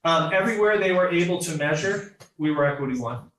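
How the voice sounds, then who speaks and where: Fast-talking man presenting at a board meeting. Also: a little high, animated, fairly bright tone. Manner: fast, conversational, many ums. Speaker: school superintendent presenting a report. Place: meeting room. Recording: echoey room audio from a distance.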